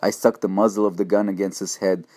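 A man reading a first-person audiobook narration in a steady, measured voice. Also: low voice, no echo.

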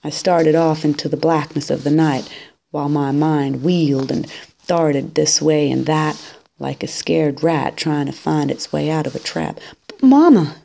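Low-voiced lady reading a story out loud, slow and steady. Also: vocal fry. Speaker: reader. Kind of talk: reading a novel aloud.

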